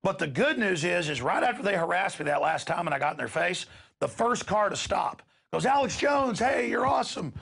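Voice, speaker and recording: A man's voice: a little high, lively intonation, fairly quick, creaky, a bit bright. A middle-aged man, hosting a show and delivering an impassioned, emphatic rant to his listeners. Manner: ranting, emphatic, repeats words when worked up. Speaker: radio show host.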